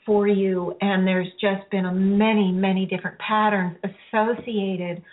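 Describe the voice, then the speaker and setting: A woman hosting a radio-style healing show, guiding listeners through a release in a slow, soothing, halting way. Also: medium pitch, level tone. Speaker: spiritual healer hosting a show. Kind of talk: guided healing session. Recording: phone-like narrow sound.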